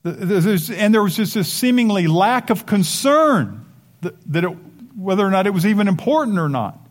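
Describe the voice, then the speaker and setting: An older male pastor delivers a sermon in an emphatic, conversational way, breaking off into casual asides. His voice sits a little higher than most men's. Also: sing-song, moderate pace.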